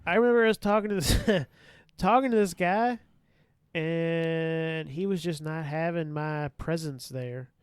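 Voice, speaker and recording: A man's voice: a little high, a little slow, smooth, dry recording. A man casually telling stories on a podcast, profane and laughing as he acts out past encounters. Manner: profane, laughing, animated retelling. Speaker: podcast guest. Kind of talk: casual storytelling.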